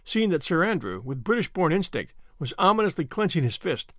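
Brief: male narrator, slightly high, lively classic-novel reading. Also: fairly quick, hardly any pauses, dry recording, clean studio sound. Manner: expressive storytelling. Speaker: audiobook narrator. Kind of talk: scripted narration.

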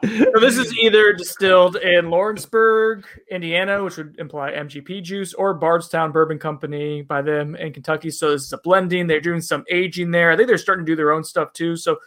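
A man's voice: fairly high pitch, fairly even intonation, fairly quick, a bit bright. A man co-hosting a casual bourbon review chat, rambling and self-deprecating, with lots of fillers.

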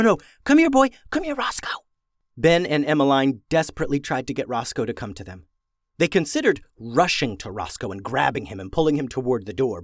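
A man reading a children's adventure story aloud, expressive and slowing down for suspense. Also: mid-range voice, dry recording, studio quality.

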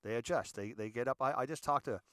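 A middle-aged man from California holds forth in a loose, wandering monologue, now and then acting out other people's lines. His voice sits at an everyday pitch and is heard close up in a dry, dead room. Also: fast, no echo. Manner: rambling, animated, acts out little scenes. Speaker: host. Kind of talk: casual monologue.

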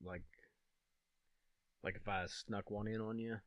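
A man's voice: fairly low pitch, steady tone, measured pace, no echo, lo-fi sound. A man co-hosting a podcast in casual banter, asking teasing, joking questions. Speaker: podcast co-host.

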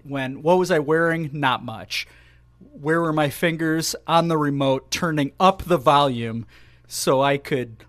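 A man's voice: on the high side, a bit bright, dry recording. A man co-hosting a casual sports podcast, rambling in a playful, self-mocking way. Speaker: podcast co-host.

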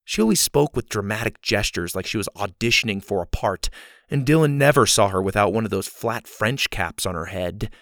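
A man narrating a children's adventure story in an expressive, storytelling manner. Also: lowish voice, fairly quick, no room sound, studio quality. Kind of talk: audiobook narration.

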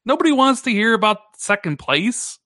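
A man co-hosting a gaming podcast, talking in a casual, teasing way and jumping up in pitch when he jokes. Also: moderate pace, a crowd in the background. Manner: animated, teasing, pitch jumps up when joking. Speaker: podcast co-host.

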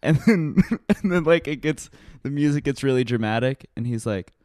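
A man's voice: medium pitch, lively intonation, darkish tone, dry recording, studio quality. A man co-hosting a casual chat, rambling and laughing as he retells scenes. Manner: rambling, laughing, quick retellings with put-on quotes.

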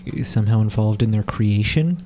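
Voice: mid-range voice, brisk, mellow. A podcast co-host making dry, wry remarks in a casual anime discussion. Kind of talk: casual anime recap chat.

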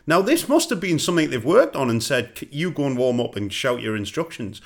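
A man's voice: mid-range voice, fairly quick, creaky. A male podcast host talking football with his guests. He tells stories with energy and keeps the show moving between segments. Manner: lively storyteller, animated when quoting. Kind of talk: casual football podcast chat.

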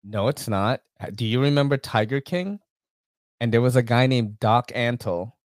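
A man hosting a casual podcast, chatting loosely and shouting out viewers in the chat. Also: mid-range voice, moderate pace, no room sound, studio quality. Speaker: podcast host.

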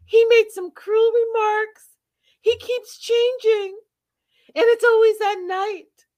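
A woman voicing an upset sixty-seven-year-old woman confronting her partner, high and tearful. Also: level tone, slow pace, darkish tone, dry recording.

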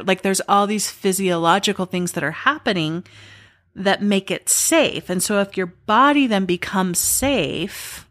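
A woman hosting a podcast, talking in a relaxed, chatty way with lots of filler words. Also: medium pitch, dry recording. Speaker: podcast host. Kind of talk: casual conversational interview.

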